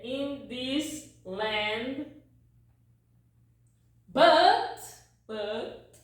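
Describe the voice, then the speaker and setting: Brazilian-accented woman, native Portuguese speaker, very slow patient lesson, high voice, echoey room and distant mic. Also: lively intonation. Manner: patient, repeats words, frequent "ok?" checks. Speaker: language teacher. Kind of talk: slow song-lyric vocabulary lesson.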